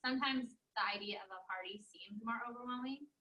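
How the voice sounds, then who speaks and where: A woman's voice: fairly high pitch, fairly quick, bright, forceful tone, recorded from a distance, poor audio. A woman team member sharing a thoughtful, hesitant comment at a meeting.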